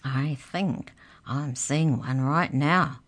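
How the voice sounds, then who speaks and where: A woman's voice: low-pitched, extremely slow, heavily acted. A woman voicing a timid, nervous young boy who often whispers. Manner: anxious, whispering.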